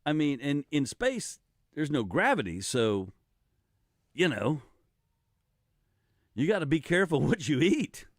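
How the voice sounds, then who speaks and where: This older man's voice is fairly high and a little slow, with long pauses, heard in studio-quality sound without echo through a studio microphone. Hosting a radio talk show, he chats casually and rambles, animated and laughing, with many restarts.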